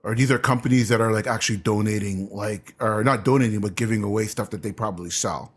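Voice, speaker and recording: Podcast host guy, slightly husky, keeps going wow and oh my gosh, casual questions. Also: on the low side, fast. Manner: reacts often with short exclamations. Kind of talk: casual interview.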